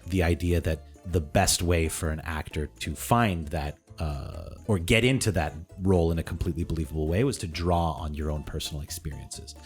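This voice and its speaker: A man's voice: a bass voice, normal speed, hardly any pauses, faint music behind. A man co-hosting a podcast, chatting casually in a jokey, playful way and laughing often. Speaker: podcast co-host.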